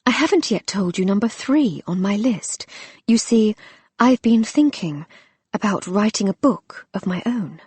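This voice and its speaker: Woman reading as a young wife, breathy, husky, teasing, coy, audiobook. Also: mid-range voice, animated, a little slow, a little mellow, no echo. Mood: earnest. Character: young bold playful English wife.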